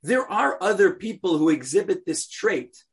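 A man's voice: sits high, sing-song, normal speed, creaky, breathy edge. A man teaching an informal Bible class, joking and talking to the group directly. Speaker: Torah teacher.

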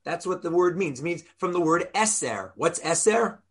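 A man's voice: fairly high pitch, expressive, moderate pace, fairly bright tone, slightly rough. A rabbi teaching an informal Torah class, explaining step by step and quizzing his listeners in a conversational way.

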